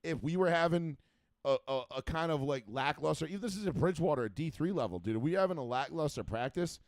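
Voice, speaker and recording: A man's voice: on the high side, animated, fast talker, dry recording, studio quality. A man co-hosting a casual sports talk show, telling profane stories and acting out the quotes. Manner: profane, storytelling with acted-out quotes. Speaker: podcast co-host.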